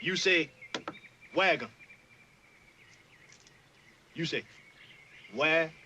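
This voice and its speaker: In a film scene, an actor plays an older enslaved man who bossily drills a newcomer in a heavy Southern drawl. His voice is a little high, bright, and forceful, very slow and exaggerated, with a scolding mood. A little hiss or hum can be heard.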